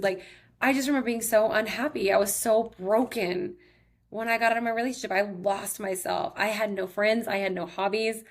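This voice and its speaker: This podcast host, a thirty-something woman from Texas, talks fairly quickly in a mid-range voice with fairly even intonation. Chatty and upbeat, she recounts personal stories emotionally, leaning hard on "like" and "he's like."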